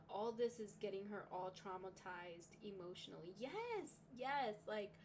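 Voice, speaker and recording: Woman, young adult, livestream reaction host, slow delivery, emotional, swears, faint noise. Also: medium pitch, animated. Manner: emotional, swears a lot, sighs. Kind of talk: casual reaction commentary.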